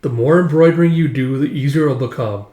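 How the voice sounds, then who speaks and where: A man voicing a stern old grandmother who teaches embroidery, speaking firmly and in a measured, lecturing way. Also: mid-range voice, warm tone, lightly acted. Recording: echoey room.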